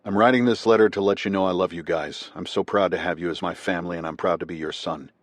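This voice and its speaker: Loving young Marine's letter home, read by a low-voiced male narrator, soft and earnest, dry audiobook sound. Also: steady tone, quick pace, no echo. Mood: tender. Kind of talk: scripted nonfiction narration.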